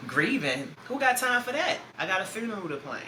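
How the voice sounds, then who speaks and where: A woman's voice: medium pitch, sing-song, a little fast. Woman podcaster in her 30s telling her own story, raw and blunt, cusses a lot, echoey room. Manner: blunt, profane, emotionally raw. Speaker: podcast host. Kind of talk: personal storytelling. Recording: roomy echo, faint background noise.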